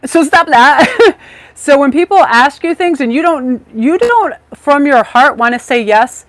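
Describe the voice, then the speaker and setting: A woman leads a live tarot reading in a voice pitched a little high. She talks in an effusive, rambling way, full of fillers and gushing asides. The sound is dry and close, with little room in it. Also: expressive, unhurried, no echo. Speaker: tarot reader hosting a live stream.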